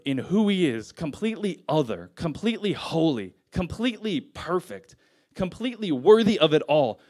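A man's voice: a little high, a little mellow. A young man preaching a sermon in a casual, conversational way, retelling scripture in everyday slang.

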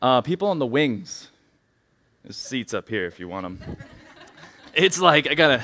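Man, 30s, church speaker; bright tone, nervous, rambling and self-deprecating. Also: mid-range voice, expressive, moderate pace, pauses often. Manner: chatty, rambling, self-deprecating, many "like" fillers. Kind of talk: casual sermon opening. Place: church sanctuary.

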